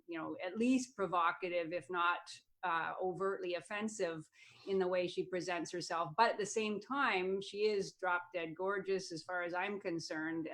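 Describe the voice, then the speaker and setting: A woman's voice: on the low side, fairly bright tone. A woman co-hosting a podcast in casual discussion, chatty and often laughing as she talks. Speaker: podcast co-host.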